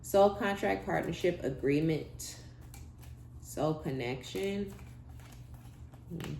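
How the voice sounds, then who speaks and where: Low-voiced blunt woman reading tarot. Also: slow, creaky, darkish tone. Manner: blunt, profane, laughing asides, slangy. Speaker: tarot reader. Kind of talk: casual tarot reading monologue. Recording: echoey room with faint background hum.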